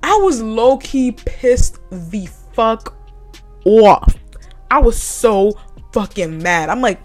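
A woman's voice: a little high, expressive, slow pace, darkish tone, faint music behind. A young adult woman hosting a podcast, telling a work story in a casual, heated rant full of swearing. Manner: profane, heated and blunt, with laughs. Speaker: podcast host.

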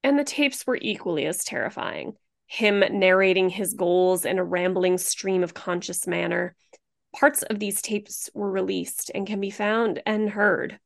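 Gravelly-voiced chatty podcast woman. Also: medium pitch, a little slow. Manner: chatty, blunt, swears often, says "like" a lot. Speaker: podcast co-host. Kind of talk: true-crime podcast narration and chat.

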